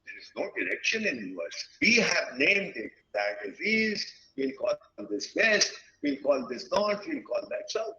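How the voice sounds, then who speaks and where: A man in his sixties speaks slowly and earnestly, often stopping mid-thought. His voice sits high and bright and rises and falls a lot. The sound is dull and lo-fi, like webinar audio. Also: sing-song. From India. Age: 60s. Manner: reflective, earnest, pauses often mid-sentence. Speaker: guest speaker at a teachers' webinar. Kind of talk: lecture-style talk.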